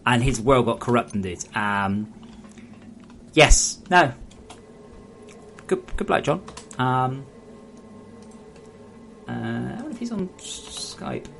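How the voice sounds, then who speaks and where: A man's voice: mid-range voice, expressive, takes it slowly, vocal fry, long pauses, fairly bright tone, a little hiss or hum. A man, a solo game developer chatting frankly and ramblingly with viewers on a live stream. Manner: rambling, frank, talks straight to chat.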